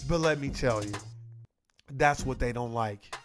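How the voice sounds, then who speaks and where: High-voiced man ranting emphatically. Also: animated, brisk, a bit bright, soft background music. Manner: emphatic, profane and repetitive. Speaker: online commentator. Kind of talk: casual opinion commentary.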